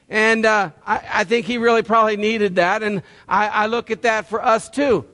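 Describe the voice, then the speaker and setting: A man delivering a sermon in a high, animated voice that leaps all over its range. He talks to his congregation in a folksy, conversational way, then presses them with emphatic rhetorical questions. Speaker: pastor.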